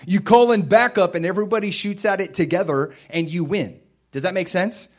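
A man preaching a sermon in a conversational way, with emphatic bursts and quieter stretches. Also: high-pitched, brisk. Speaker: pastor.

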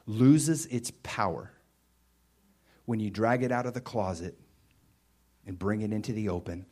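A man preaching a sermon in a conversational way, with emphatic bursts and quieter stretches. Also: lowish voice. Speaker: pastor.

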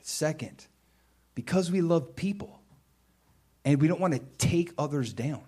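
A man's voice: fairly high pitch, measured pace, husky. Man preaching a conversational sermon. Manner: animated, conversational preaching with rising emphatic bursts and quieter stretches. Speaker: pastor.

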